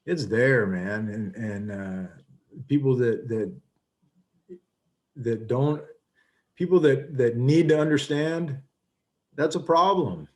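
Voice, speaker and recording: A man's voice: mid-range voice, darkish tone. A man in his fifties, a coach giving a casual lecture over a video call, talking earnestly with many fillers and restarts.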